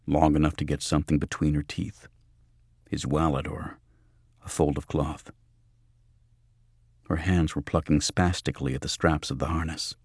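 A man narrating an audiobook in a measured, even storytelling manner. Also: a bass voice, breathy edge, dry recording, studio quality. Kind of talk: scripted narration.

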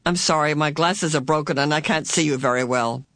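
Woman reading a mild mumbly dad, apologetic, halting, dry close mic. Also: sits low, fairly bright tone, no room sound. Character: apologetic middle-aged father, mild and mumbling.

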